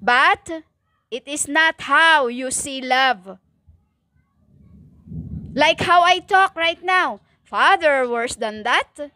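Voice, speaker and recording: A woman preaching a stern religious monologue in halting non-native English, with many fillers and emphatic repetition. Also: high-pitched, sharp tone, no echo, studio quality. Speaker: self-styled prophetic preacher.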